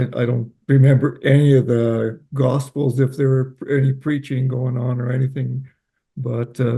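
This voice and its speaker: Man, gravelly voice, mellow, hesitant speaker in a church group. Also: mid-range voice. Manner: hesitant, many uh fillers. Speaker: church study group member.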